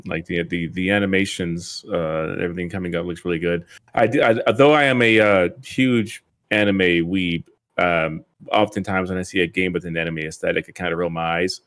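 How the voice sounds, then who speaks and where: Laid-back man with a very deep voice. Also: fairly even intonation, moderate pace, fairly bright tone. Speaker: podcast co-host. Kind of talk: casual chat.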